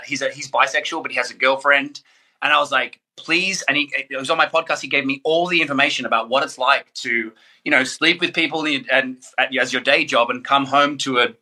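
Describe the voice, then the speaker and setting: A man with an Australian accent, chatting as a podcast guest and telling jokey stories. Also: medium pitch. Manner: joking, animated storyteller. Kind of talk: casual chat.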